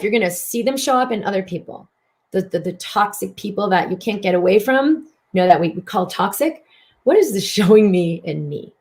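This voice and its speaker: A woman's voice: medium pitch, expressive, fairly quick, darkish tone. A woman hosting a mind-body self-help broadcast. She talks expressively, repeats words for emphasis and slips into voicing inner thoughts. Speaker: host and physician.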